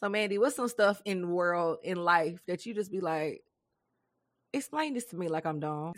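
A woman co-hosting a podcast in casual chat, animated and dramatic, often laughing. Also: fairly low pitch, moderate pace, no room sound, studio quality. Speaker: podcast co-host.

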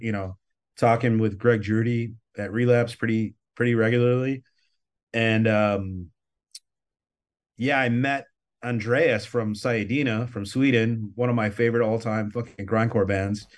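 A man talking as a podcast guest, telling stories in a rambling, easygoing way and swearing often. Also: medium pitch. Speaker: guest, record label owner. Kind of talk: casual interview storytelling.

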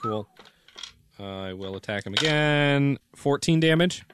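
A man's voice: medium pitch, animated, slow, background noise. A young man playing a tabletop game, eager and chatty, narrating his own actions. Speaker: player.

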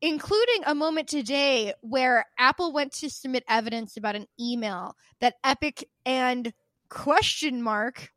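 A woman's voice: high-pitched, a little slow, a bit bright, no echo. A woman co-hosting a podcast in casual chat, ranting with exasperation, swearing freely and acting out the people she quotes. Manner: acts out quoted people with shifts of voice. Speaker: podcast co-host.

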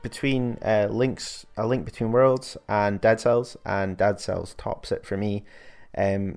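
Man, low pitch, relaxed podcast talk, thoughtful. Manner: easygoing, thoughtful, filler-heavy. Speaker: podcast co-host. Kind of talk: casual chat.

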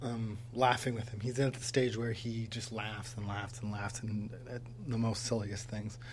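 A man's voice: lowish voice, level tone, normal speed, slight background noise. Rambling man hosting a solo podcast. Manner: rambling, frequent ums, self-deprecating humor. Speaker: podcast host. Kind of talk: casual solo podcast monologue. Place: home studio. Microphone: mic on a tripod.

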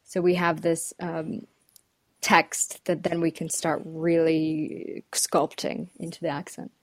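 A woman's voice: sits low, little pitch movement, slow, no room sound, clean studio sound. A woman who works as a dialect coach, chatting in an interview, thinking aloud and laughing between phrases. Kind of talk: casual interview chat.

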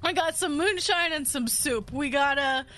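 A woman's voice: high-pitched, normal speed, bright, forceful tone, faint music behind. A woman playing a tabletop game casually, playful and giggly. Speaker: player.

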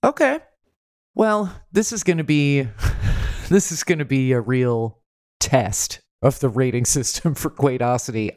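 A podcast co-host with a mid-pitched voice, chatting casually and wryly. They laugh often while steering the talk, and the recording is dry. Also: darkish tone, dry recording. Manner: wry, laughing, leading the segment. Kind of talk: casual chat.

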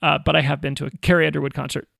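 A man in his forties with a rough, gravelly voice that sits fairly high for a man. He tells his story casually and animatedly, full of "like"s and self-mocking asides. The sound is close and dry. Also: little pitch movement, very fast, a bit bright, no room sound. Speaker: guest, former missionary. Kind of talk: personal storytelling interview.

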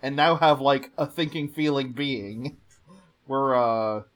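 A man's voice: mid-range voice, slow. A man co-hosting a podcast, chatting casually and joking through an episode recap. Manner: chatty, joking, laughs often. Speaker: podcast co-host.

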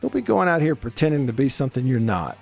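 A man's voice: medium pitch, quick pace, creaky, husky, soft background music. Folksy male radio host. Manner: folksy, animated storyteller who laughs often. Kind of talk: casual radio talk and storytelling.

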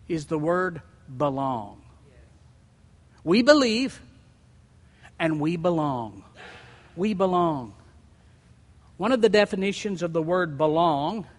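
A male pastor preaching a sermon to his church, emphatic and repeating key phrases, slowing down to stress words. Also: sits high, fairly bright tone, big-room sound. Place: church sanctuary.

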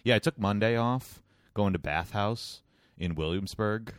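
Man, very low voice, dry close sound; casual podcast co-host with deadpan, profane rants. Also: unhurried, no echo. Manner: wry, deadpan rants with frequent swearing. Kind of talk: casual chat.

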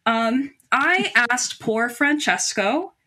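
Bright high-voiced young woman telling a story. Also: takes it slowly. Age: young adult. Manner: animated, laughing, self-deprecating. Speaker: guest storyteller. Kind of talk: personal anecdote.

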